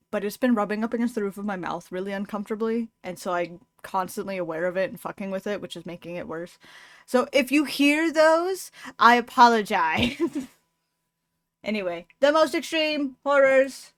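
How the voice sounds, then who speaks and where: A young adult woman chatting casually to her stream while she crochets, excitable and quick to swear. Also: medium pitch, no echo, studio quality.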